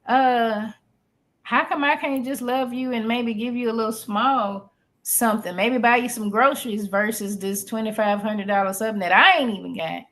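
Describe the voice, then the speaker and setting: A woman in casual podcast chat, talking in an animated, folksy way with frequent restarts. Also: on the high side, normal speed. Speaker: podcast co-host.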